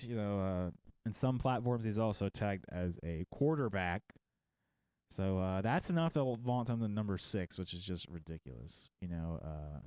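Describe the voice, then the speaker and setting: A man's voice: deep voice, darkish tone, no echo. A man hosting a fantasy football show in a casual livestream style, rambling through lists of results with jokey, self-mocking asides.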